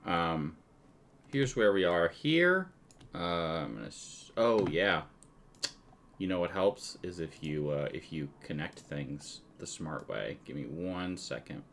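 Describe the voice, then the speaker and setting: Bright-voiced game master, a man. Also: low voice, lively intonation, slow, slight background noise. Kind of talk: narrating a tabletop game.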